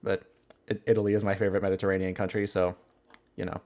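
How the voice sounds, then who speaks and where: A man's voice: fairly low pitch, little pitch movement, quick pace, darkish tone, muffled recording. A man chatting casually on a livestream, musing aloud and chuckling often as he answers his chat.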